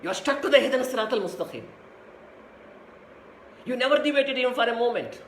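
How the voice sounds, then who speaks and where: A man's voice: very high voice, lively intonation, fast talker, reverberant, slight background noise, pitched above the performer's own voice. A man voicing a frustrated male devil who pleads with a dying saint in a rising, insistent complaint.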